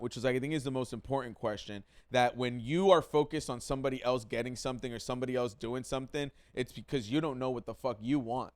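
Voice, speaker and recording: A man's voice: mid-range voice, fast, hardly any pauses, darkish tone. Emphatic swearing podcast host, man. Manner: emphatic, repeats himself, swears freely. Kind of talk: casual podcast chat.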